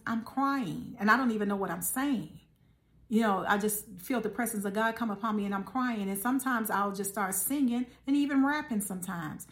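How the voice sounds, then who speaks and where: A woman preaching in a conversational podcast style, earnest and exhorting, repeating key phrases and calling her listeners baby and guys. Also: medium pitch.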